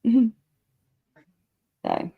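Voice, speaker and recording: A woman's voice: drawn-out words, phone-quality sound. A woman from Kent with a Kent English accent, hosting a livestream and chatting casually with teasing, swearing banter. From Kent, England. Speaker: livestream host.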